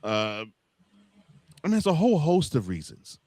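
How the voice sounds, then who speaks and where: A man co-hosting a casual college football chat, teasing his partner and laughing loudly. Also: a little high, huge pitch swings, moderate pace, dry recording. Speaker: co-host.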